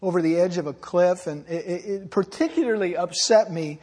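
A man preaching in an earnest, pleading way, drawing out his key phrases. His voice sits high for a man. The sound rings with the long reverb of a church sanctuary. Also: darkish tone, breathy edge. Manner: earnest, pleading, slows for emphasis. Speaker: pastor. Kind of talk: sermon.

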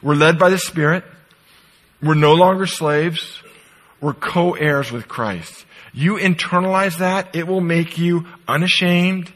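A middle-aged man preaching a sermon as pastor, emphatic and swinging from loud declarations to soft, quiet asides. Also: a little high, measured pace, poor audio. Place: church sanctuary.

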